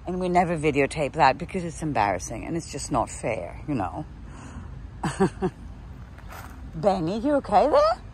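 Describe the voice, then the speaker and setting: A woman's voice: on the low side, darkish tone, a little hiss or hum. A woman out of breath on a woodland walk, cooing endearments to her dogs between chatty asides to the camera. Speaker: dog walker. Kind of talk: casual walking vlog. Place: outdoors on a woodland preserve trail.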